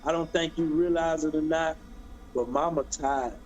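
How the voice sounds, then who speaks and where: A man voicing his weary, loving mother, speaking slowly and firmly. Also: on the high side, fairly even intonation, a little mellow, lo-fi sound, voice pushed down, close to an everyday voice. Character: tired, loving older mother, firm.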